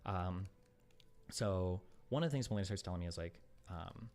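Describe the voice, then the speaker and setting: A man's voice: sits low, moderate pace, darkish tone. A man on a stream talking casually, retelling an argument in an aggrieved, filler-heavy way.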